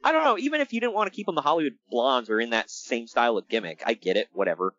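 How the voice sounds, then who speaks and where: Animated man chatting on a podcast. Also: mid-range voice, racing, dry recording, muffled recording. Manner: animated, exasperated, laughs often. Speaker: podcast co-host. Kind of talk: casual wrestling podcast chat.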